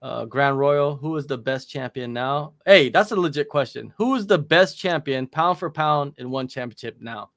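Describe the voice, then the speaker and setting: A man's voice: medium pitch, lively intonation, normal speed, few pauses. A man hosts a casual watch-along stream, reading out viewer names and comments with a joking, easygoing delivery. His voice sits in an ordinary middle register. The sound is dry and close, with almost no room echo. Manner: joking, reads viewer names and shout-outs aloud.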